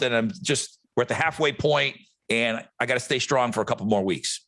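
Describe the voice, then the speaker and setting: A man's voice: medium pitch, fairly quick, fairly bright tone, dry recording. A man hosting a podcast, talking in an easygoing, joking way. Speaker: podcast host. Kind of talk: casual podcast chat.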